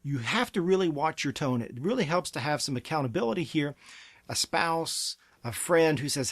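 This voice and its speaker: A man's voice: a little high, expressive, moderate pace, no echo. A man giving parenting advice as a therapy clinic presenter, earnest and emphatic. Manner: earnest, emphatic, acts out parent and child quotes. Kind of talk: advice talk to camera.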